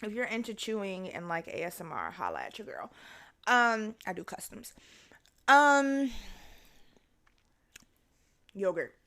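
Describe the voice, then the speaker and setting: Bright-voiced woman telling animated stories. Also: medium pitch, unhurried, long pauses. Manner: animated storytelling, swears freely, mimics her own voice. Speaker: podcast host. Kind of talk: casual solo chat while eating.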